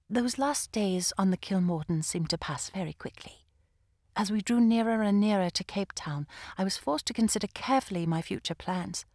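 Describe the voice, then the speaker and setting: A woman narrating an audiobook in the first person, with an expressive, lively delivery. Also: mid-range voice, dry recording, clean studio sound. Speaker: audiobook reader. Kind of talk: scripted narration.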